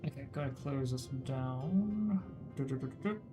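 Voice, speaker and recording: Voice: mid-range voice, expressive, moderate pace. A streamer giving casual, chatty commentary over a game, laughing, swearing and reading game text aloud. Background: game music.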